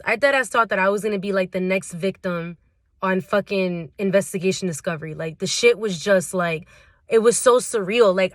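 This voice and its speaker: A woman's voice: on the high side, fairly bright tone, dry recording, clean studio sound. A young woman vlogger telling a storytime tale in casual slang, full of fillers. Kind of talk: storytime vlog.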